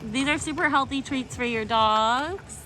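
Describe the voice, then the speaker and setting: A woman's voice: high-pitched, fairly bright tone, slight background noise. A woman hosting an animal vlog, chatting to viewers in an upbeat way and cooing baby talk at puppies. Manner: upbeat, addresses viewers directly. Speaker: animal channel host. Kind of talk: casual vlog chat.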